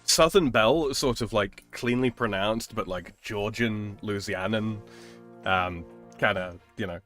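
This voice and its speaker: A man's voice: lowish voice, unhurried, fairly bright tone, soft background music. A male streamer chatting casually while gaming, opinionated and rambling, often restarting his sentences. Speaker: streamer host.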